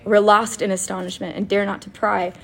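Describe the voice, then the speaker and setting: A woman chatting casually about faith and telling a personal story, animated and quick to laugh, with lots of "like". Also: medium pitch, creaky, slight background noise. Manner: animated and giggly, with frequent laughter and filler "like".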